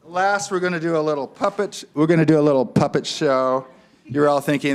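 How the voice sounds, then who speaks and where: Male guest speaker, playful quizmaster, higher-pitched voice. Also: fairly even intonation. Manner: playful, quick asides to the audience. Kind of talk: comic quiz and puppet show for a congregation.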